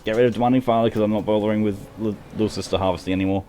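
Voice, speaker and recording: A man gives chatty, wry commentary while he plays a game, laughing often. His voice sits fairly low. A faint hiss runs under his talk. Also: fairly even intonation, racing, mellow. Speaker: streamer. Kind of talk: gameplay commentary.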